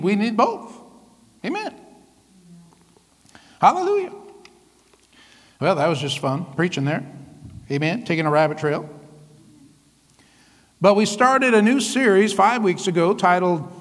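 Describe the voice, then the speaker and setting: High, gravelly preacher in a reverberant hall. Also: male voice. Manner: lively, laughing often, calls out "come on" and "right?". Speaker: pastor. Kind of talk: sermon.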